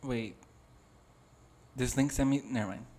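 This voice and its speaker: A man co-hosting a podcast over a video call, rambling through jokey stories with plenty of swearing. His voice sits at an ordinary middle pitch for a man, and he talks in a loose, chatty way. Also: measured pace, darkish tone, a little hiss or hum. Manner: swears a lot, rambling storytelling. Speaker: podcast co-host. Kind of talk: casual comedic chat.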